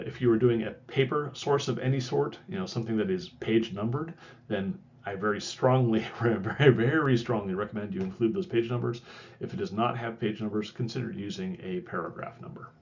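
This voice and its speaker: A man's voice: fairly low pitch, muffled recording. A man giving a recorded lecture in a conversational way, correcting himself and adding wry asides. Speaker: instructor.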